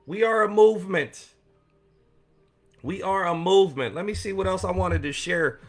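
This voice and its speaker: A man's voice: high voice, moderate pace, soft background music. A man hosting a casual motivational live stream for veterans, rambling and joking in an upbeat, encouraging way. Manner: warm and encouraging toward viewers. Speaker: coach and host of a weekly live show for veterans.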